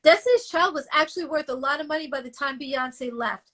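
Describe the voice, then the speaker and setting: This guest singer, a woman whose voice sits high, speaks briskly while being interviewed. Animated and emotional, she recounts her story with blunt candor, occasionally swearing.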